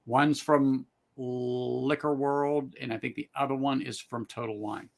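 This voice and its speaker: A man's voice: medium pitch, steady tone, a little slow, vocal fry. A man guest on a casual whiskey live stream, thoughtful, drawing out his phrases, with dry jokes.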